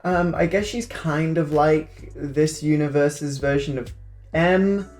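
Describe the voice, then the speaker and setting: A man's voice: on the high side, slow, soft background music. Sarcastic northern English man reviewing a film. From northern England. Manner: sarcastic, animated storytelling with mocking asides. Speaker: movie reviewer. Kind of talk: casual movie review vlog.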